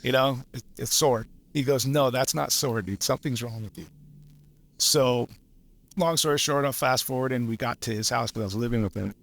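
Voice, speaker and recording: Gravelly-voiced man telling a story. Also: medium pitch, moderate pace. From Los Angeles. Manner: laid-back, swears freely, laughs through stories. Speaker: lineman guest. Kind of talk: casual storytelling.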